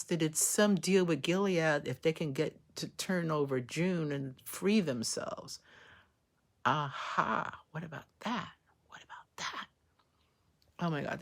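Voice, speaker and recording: A woman hosting a live reaction to a TV episode, talking emotionally and exclaiming at each scene. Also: on the low side. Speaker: show reaction host.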